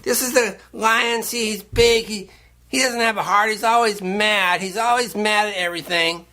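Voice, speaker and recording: A man's voice: sits high, steady tone, normal speed, sharp tone. A man hosting a public access show, talking casually to the camera in a rambling way, often repeating and restarting his words.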